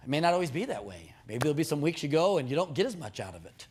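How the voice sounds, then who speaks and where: A man's voice: on the high side, racing. A man preaching a sermon, telling stories with humor and stumbling over repeated words as he builds his points. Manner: animated storytelling, jokes with the crowd, repeated words.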